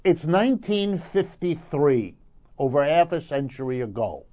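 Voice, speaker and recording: Male commentator with a slightly high voice, emphatic and lecturing, on muffled lo-fi audio. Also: very animated, unhurried, mellow. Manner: emphatic, lecturing, building points through repetition. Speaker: economic commentator. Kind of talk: radio commentary segment.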